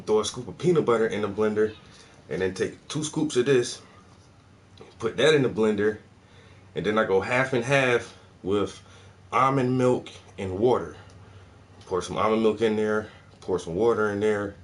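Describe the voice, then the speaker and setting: Casual South Carolina man, lowish voice, loose slangy vlog chat, faint room hiss. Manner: loose, profane, laughing slang talk. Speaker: vlogger. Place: indoors at home.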